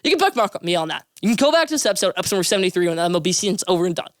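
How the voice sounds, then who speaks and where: A young man hosting a solo sports podcast, giving rapid, emphatic, opinionated takes and repeating names for emphasis. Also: high-pitched, big pitch swings, dry recording, clean studio sound.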